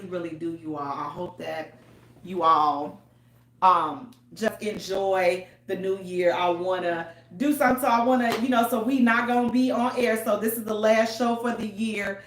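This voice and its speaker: Loud, chatty woman radio host. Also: lowish voice. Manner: chatty, loud and animated, with African American Vernacular English. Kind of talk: casual chat to listeners. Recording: roomy echo.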